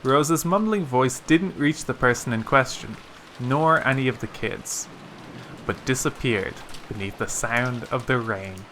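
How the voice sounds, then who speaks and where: A man reads a visual novel aloud in a steady storytelling voice. His tone is bright and clear at a middle pitch. He sounds like a let's play narrator. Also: a little slow, a little hiss or hum.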